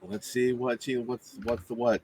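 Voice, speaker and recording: A man's voice: medium pitch, level tone, moderate pace, darkish tone. Wry male player, faint background hiss. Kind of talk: playing a tabletop role-playing game.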